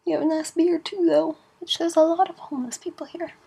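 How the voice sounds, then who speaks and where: Chatty, giggly young woman with gravelly edges. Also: very high-pitched, steady tone, a little fast, warm tone. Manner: chatty, giggly, with playful asides. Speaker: vlogger. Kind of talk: casual travel vlog.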